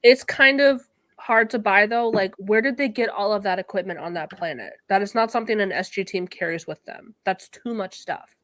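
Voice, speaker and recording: A woman's voice: mid-range voice, moderate pace, a bit bright, no room sound. A woman co-hosting a podcast, recapping an episode in casual chat and swearing freely. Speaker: podcast co-host.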